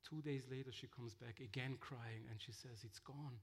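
A man telling mission stories in a sermon, halting with fillers and restarts. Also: mid-range voice, fairly even intonation. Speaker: missionary speaker. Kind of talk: sermon-style storytelling.

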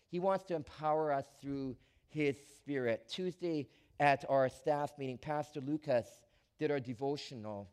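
This mid-range male voice belongs to a pastor preaching with animation; he swings between hushed asides and forceful declarations, frequently starting over mid-thought.

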